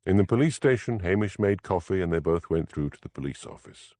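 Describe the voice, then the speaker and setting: A male audiobook narrator with a very low voice that moves lively up and down. The reading is dry and close, measured and expressive. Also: no room sound. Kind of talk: scripted narration.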